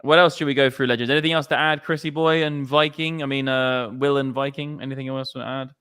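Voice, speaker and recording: A man hosting a laid-back trading show, full of banter and casual swearing. His voice is bright and crisp, sitting at an ordinary pitch. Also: fairly even intonation, fairly quick. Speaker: host of a crypto trading show. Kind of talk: casual group chat.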